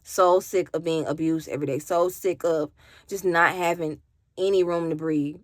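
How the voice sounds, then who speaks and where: A woman's voice: fairly low pitch, fairly even intonation, moderate pace, no echo. A woman from Alabama, telling her own story on camera in a raw, candid way, cursing and talking straight to her viewers. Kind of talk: emotional personal storytime.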